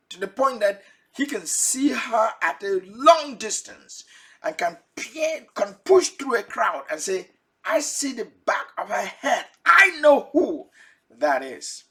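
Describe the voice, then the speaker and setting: A man's voice: high-pitched, fairly bright tone, breathy edge. A man preaching a Bible teaching sermon, asking his listeners direct questions and chuckling now and then.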